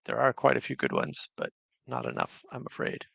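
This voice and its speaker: A man's voice: mid-range voice, wildly swooping pitch, normal speed, gravelly, pushed and bright, breathy edge, no echo. A man hosting a casual livestream, chatting and reading viewer comments aloud. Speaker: livestream host.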